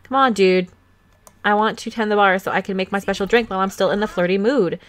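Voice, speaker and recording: Speaking quickly in a medium-pitched voice, a young let's play host chats and giggles through a life-sim game, using lots of fillers. The recording is dry, captured on a desktop USB microphone.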